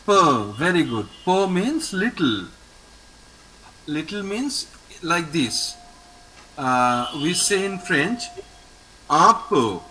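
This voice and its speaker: A man's voice: a little high, very animated, takes it slowly, pauses often, bright, forceful tone, a little hiss or hum, low-quality recording. A man teaching a French lesson. He repeats words patiently and praises his student often. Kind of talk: online language lesson with a student.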